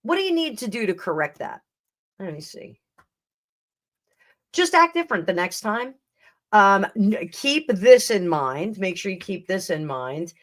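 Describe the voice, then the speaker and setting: A woman's voice: medium pitch, very animated, unhurried, pauses often. A woman hosting a live tarot stream, chatting casually and rambling, with frequent laughs and restarts. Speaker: tarot reader and livestream host. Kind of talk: casual livestream chat.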